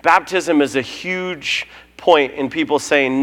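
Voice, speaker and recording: A man with a slightly high voice leads a church service. He runs through the announcements casually, joking and telling stories with plenty of fillers. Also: fairly even intonation, moderate pace, fairly bright tone. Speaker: pastor.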